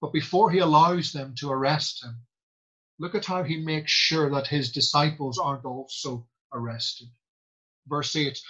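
A man preaching a sermon, quoting scripture slowly and deliberately with emphatic pauses. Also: fairly high pitch, a bit bright, slightly rough, lo-fi sound.

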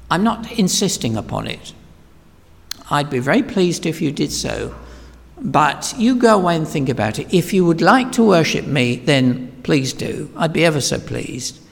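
A man's voice: on the high side, vocal fry, pitched below the performer's own voice. A man voicing an imagined timid, apologetic male deity who politely pleads for worship. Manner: hesitant, pleading, softly deferential. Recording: long reverb in a large hall.

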